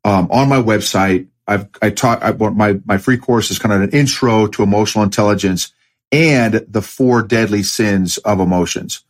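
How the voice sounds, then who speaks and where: Male guest, lowish voice, emphatic, repeats points. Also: moderate pace. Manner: emphatic, repeats key phrases. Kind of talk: casual interview.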